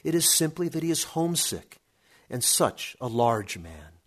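A man voicing a mother who explains things gently. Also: medium pitch, very animated, measured pace, voice pushed up. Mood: gentle.

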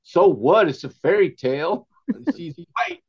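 A man voicing his rough, tough young nephew with a brash, cheeky delivery. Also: sits high, big pitch swings, slow pace, muffled recording, pitched above the performer's own voice, full character voice.

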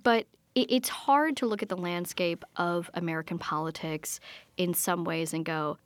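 Low-voiced woman asking probing questions. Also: expressive, moderate pace, dry recording. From Wisconsin. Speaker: interviewer. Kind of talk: political interview.

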